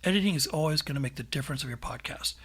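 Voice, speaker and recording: A man's voice: on the high side, very fast, fairly bright tone, breathy edge. A man co-hosting a casual podcast, talking animatedly and laughing often. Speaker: podcast host and editor. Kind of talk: casual chat.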